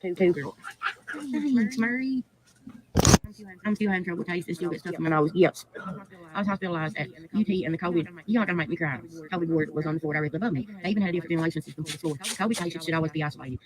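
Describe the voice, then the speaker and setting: A woman's voice: sits low, very fast, recorded from a distance, crowd noise, low-quality recording. A woman from Kentucky, reading out viewer comments on a livestream, gushing and teary as she thanks people by name. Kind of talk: livestream chat.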